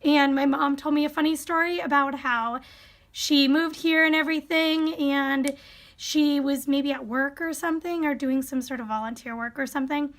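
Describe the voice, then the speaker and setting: A young woman with a Wisconsin accent reads quiz questions and word lists in a casual, chatty way. Her voice sits high, and she often stops to wonder aloud whether she says a word right. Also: fairly even intonation, normal speed, fairly bright tone. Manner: reads a word list, musing aloud and second-guessing her pronunciations. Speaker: vlogger. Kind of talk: casual accent tag reading.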